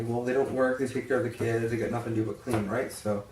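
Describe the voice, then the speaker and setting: A man's voice: medium pitch, steady tone, quick pace, background noise. Casual vlogger, young man, tired and blunt, swears, rambles, set back from the mic in a roomy space. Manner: blunt, swears freely, rambling with many fillers. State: tired and yawning. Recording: echoey room, distant from the mic.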